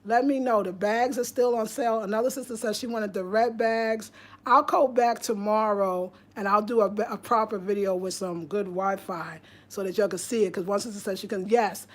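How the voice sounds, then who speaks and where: A woman with a New York accent hosts a casual livestream into her phone, talking loosely to her viewers. Her voice sits at an ordinary middle pitch, and she chats in a rambling way, restarting and trailing off mid-thought. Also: steady tone, normal speed. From Albany, New York. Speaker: livestream host. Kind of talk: casual livestream chat reading viewer comments.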